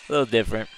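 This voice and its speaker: A man's voice: mid-range voice, a bit bright. A man hosting a livestream, chatting casually with viewers, reading their comments aloud and chuckling often. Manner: easygoing, chuckles often, drawls words. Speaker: livestream host.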